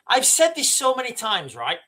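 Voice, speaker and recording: A middle-aged man holds forth on his livestream in a loose, profane, rambling way. His voice swoops animatedly between high and low as he drives his points home. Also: huge pitch swings, moderate pace, sharp tone. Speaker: livestream host. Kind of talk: casual ranting commentary.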